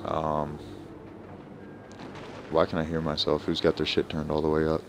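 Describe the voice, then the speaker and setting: A man's voice: rumbling low, monotone, normal speed, pauses often, slight background noise. A young man streaming a game live, ranting profanely and confrontationally at people in his chat and voice chat. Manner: profane, confrontational, trash-talking.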